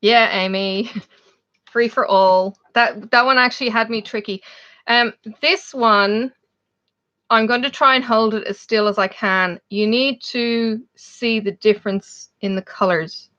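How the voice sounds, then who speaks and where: A woman's voice: a little high, fairly even intonation, a little slow, sharp tone. A woman with an Irish accent hosting a casual live chat, laughing often and calling out her viewers by name. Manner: chatty, laughs often, reads out viewers' names. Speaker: livestream host. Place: home, in Australia. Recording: dull lo-fi stream audio.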